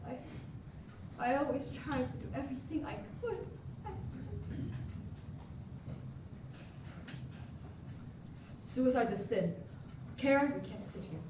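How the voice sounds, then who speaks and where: A woman's voice: high voice, expressive, moderate pace, background noise. A young actress on a school stage playing a fussy, frightened older woman who stammers and frets. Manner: stammering, fretful and breathless. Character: fussy aging woman, a former actress, frightened and self-pitying. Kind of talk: live stage acting. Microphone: distant room mic. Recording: echoey hall recorded from far off.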